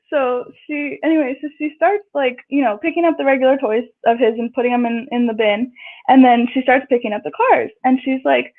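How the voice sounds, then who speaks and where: Telling a casual story as a guest, a chatty woman with a high voice speaks at a moderate pace and jumps up in pitch whenever she acts out what people said. She comes through a thin, tinny phone line, the audio squeezed and narrow.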